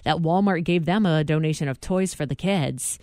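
A morning show co-host reading news items in a casual chat and adding quick asides. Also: medium pitch, a little mellow, smooth, no room sound, clean studio sound. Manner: reads headlines with quick asides and laughs.

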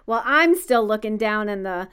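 A woman's voice: medium pitch, lively intonation, moderate pace, fairly bright tone, smooth. A woman co-hosting a casual podcast, chatty and opinionated, explaining at length. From United States. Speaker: podcast co-host. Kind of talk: casual chat about baby names.

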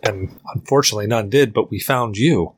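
A man voicing a kindly, well-dressed male elf doctor in a tabletop game, speaking in a gentle, reassuring way. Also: lowish voice, fairly quick, slightly rough.

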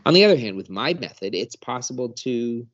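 A man voicing a cold, ruthless male conqueror who lectures in slow, measured words. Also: mid-range voice, expressive, dull audio, lightly acted.

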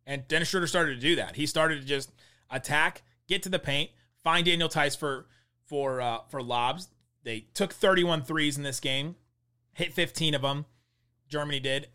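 A man's voice: a little high, sharp tone. A young man hosting a basketball show, rambling through a casual game breakdown and laughing mid-sentence. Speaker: basketball podcast host. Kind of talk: casual sports analysis.

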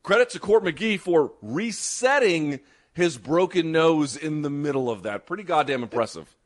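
A man co-hosting a sports talk show, giving fast, animated, opinionated takes. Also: a little high. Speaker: podcast co-host. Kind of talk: casual sports chat.

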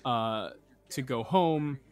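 Young male podcast host, rambling animated recap. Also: mid-range voice, slow pace. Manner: rambling and animated, with frequent fillers and laughter. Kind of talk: casual movie recap.

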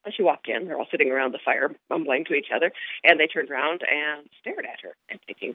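A woman's voice: sits low, lively intonation, fast talker, dry recording. A woman novelist telling with amusement how she began writing her first book. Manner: chatty, amused storytelling. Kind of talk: interview recollection and reading. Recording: tinny phone-like line.

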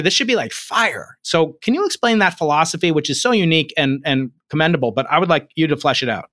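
A man hosting a video interview, talking in a quick, jokey way with frequent restarts. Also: a little high, expressive, sharp tone, no echo, clean studio sound. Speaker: host and interviewer.

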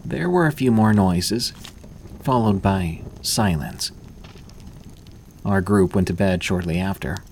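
A man narrating scripted horror stories in a measured, even storytelling manner. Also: deep voice, a little hiss or hum.

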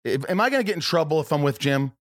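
Rambling, profane podcast host, dry sound. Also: male voice, a little high, expressive, rapid-fire, a bit bright, dry recording. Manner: rambling, profane, stumbling restarts. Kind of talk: casual chat.

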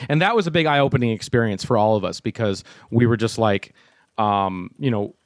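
A man hosting a casual chat, telling a story in an animated way, acting out quotes and swearing freely. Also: on the low side, fairly quick, dry recording, studio quality. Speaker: show host telling a story.

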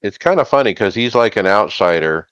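A man with a very deep, smooth, resonant voice talking casually as a podcast co-host. The sound is close and dry, and he explains things at an easy, measured pace. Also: animated, a bit bright, no room sound, dull audio. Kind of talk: casual chat.

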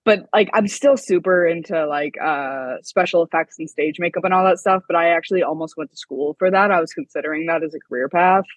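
Husky lower-voiced woman podcast guest. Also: fairly quick, hardly any pauses, no echo. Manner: easygoing, laughs along, lots of fillers. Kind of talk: casual chat.

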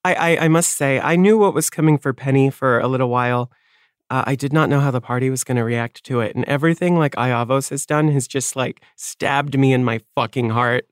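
Earnest, halting man in casual chat. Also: mid-range voice, clean tone, dry recording, studio quality. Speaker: player.

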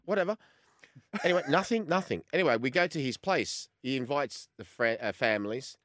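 A man in his fifties with an Australian accent, a former goalkeeper telling an animated story as a sports radio guest and acting out the conversations he recounts. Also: medium pitch, a little fast, no room sound, clean studio sound. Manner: animated storyteller who acts out quoted exchanges.

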